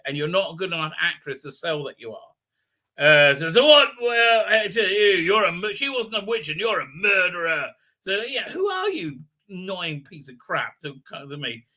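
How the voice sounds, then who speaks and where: A man's voice: high voice, sharp tone. A man hosting a live show, sarcastically commenting on a TV episode and mocking its characters in put-on voices, with lots of fillers and restarts. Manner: sarcastic, mocking, acts out quotes in exaggerated voices. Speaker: host.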